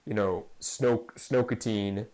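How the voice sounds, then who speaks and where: A man's voice: on the low side, fairly even intonation, slow pace, mellow, poor audio. A man hosting a casual fan podcast, talking in a rambling, jokey way. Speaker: podcast host.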